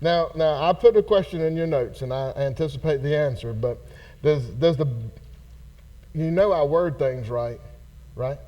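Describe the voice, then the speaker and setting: Animated high-voiced pastor. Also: male voice, normal speed, highs cut off. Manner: folksy, animated, acts out characters. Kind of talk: casual Bible study teaching. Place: church hall.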